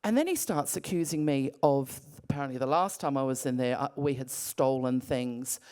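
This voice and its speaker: A middle-aged Australian woman retelling a personal story in an animated, breathless way, full of restarts. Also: rumbling low, moderate pace, clean tone. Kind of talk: casual spoken storytelling.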